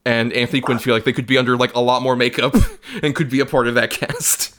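A man's voice: medium pitch, fairly even intonation, a bit bright. Laughing man riffing on bad movies. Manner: laughs often, mocks actors with quick impressions. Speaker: podcast co-host. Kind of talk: casual movie review chat.

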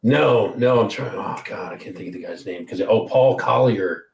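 A man from Maryland, a guest musician, telling rambling, animated stories in a casual interview. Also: on the low side, moderate pace, vocal fry, echoey room.

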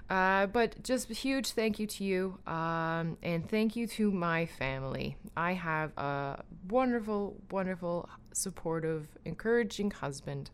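A woman in her thirties from Canada, hosting a podcast and leading a breathing exercise, talking in a rambling, heartfelt way with many pauses and restarts. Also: lowish voice, lively intonation, smooth. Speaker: podcast host and breathwork guide. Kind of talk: casual heartfelt thank-yous, then guided breathing.

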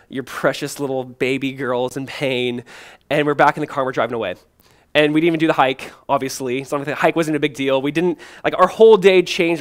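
A young adult man, a pastor, giving a sermon in a relaxed, conversational storytelling way with lots of casual fillers. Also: a little high. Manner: conversational storytelling, many fillers like "like" and "you know".

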